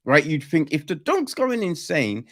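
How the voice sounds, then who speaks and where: A man's voice: on the high side, big pitch swings, unhurried, fairly bright tone. A man reviewing a film on a podcast in casual chat, rambling and swearing freely as he picks it apart.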